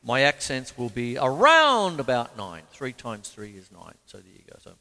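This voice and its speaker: A man's voice: medium pitch, huge pitch swings, normal speed. An Australian man giving a casual drum lesson, rambling and chatty, counting beats aloud as he plays. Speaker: drum teacher. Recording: long reverb, loud drum kit behind. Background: drum kit playing.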